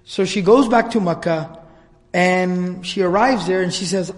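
A man giving a religious storytelling lecture, conversational and animated, with many repetitions. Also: high voice, a little slow, in a large hall. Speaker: religious teacher.

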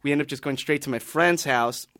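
A man's voice: on the high side, a little fast, a bit bright, no echo, studio quality. A man on a podcast panel telling a long story in casual chat, rambling with many restarts and fillers.

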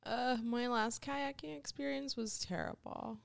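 Woman comic, higher voice with plenty of fry, close dry sound, loose podcast banter. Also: steady tone, measured pace, dry recording. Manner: laughing, telling anecdotes with acted quotes. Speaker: stand-up comedian. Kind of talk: casual podcast chat.

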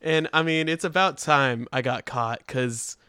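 A man's voice: mid-range voice, unhurried, pushed and bright, clear, resonant tone. A young man in casual chat, joking and laughing along with short, wry comments.

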